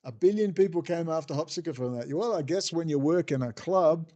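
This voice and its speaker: An Australian man with a rather high voice holds forth in a rambling rant, swearing freely and dripping with sarcasm. He sounds exasperated and scornful as he runs down his targets. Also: fairly quick, dark tone. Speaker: political commentator. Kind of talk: ranting monologue. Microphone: desk setup with bookshelf behind.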